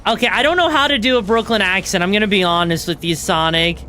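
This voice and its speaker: A young woman streaming a video game, reacting excitedly, swearing freely and tossing in fillers and tag questions. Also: medium pitch, fast talker. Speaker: VTuber streamer. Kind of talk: live gameplay commentary.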